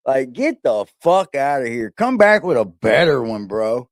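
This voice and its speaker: A brash middle-aged man running a livestream, swinging his voice up and down as he mocks chat with a slow, drawn-out delivery. Fairly high-pitched and laughing often, in a dry, close-sounding room. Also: very animated, a little mellow, no room sound. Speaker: livestream host reacting to videos. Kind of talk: casual profane livestream chat.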